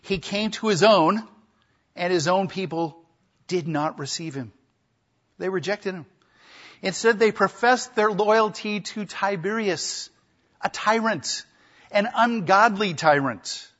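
A pastor delivers an expository sermon in a husky, slightly high-pitched voice with a fairly bright tone. He speaks slowly, pausing often, and emphatically acts out the quoted speech of people in the story. The recording sounds dull and lo-fi.

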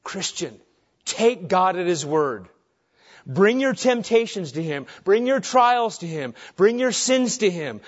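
A man's voice: high voice, animated, unhurried. A man preaching a sermon as pastor, earnest and driving his point home with short repeated phrases. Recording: dull lo-fi recording.

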